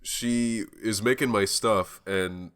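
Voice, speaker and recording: A young man co-hosting a podcast, telling a story in a rambling, animated way with plenty of swearing. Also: fairly low pitch, takes it slowly, smooth. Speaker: podcast co-host. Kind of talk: casual chat.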